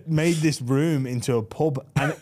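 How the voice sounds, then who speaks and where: A man hosting a podcast, chatting casually with a guest and telling quick, lively stories. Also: on the high side. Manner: chatty, quick, laughing storyteller. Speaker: podcast host. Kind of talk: casual interview chat.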